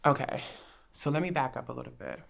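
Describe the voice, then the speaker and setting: A very deep, gravelly, brisk voice belongs to a woman from New Jersey who hosts a podcast. She tells a story in a casual, chatty way, animated and laughing often as she acts out the quoted dialogue.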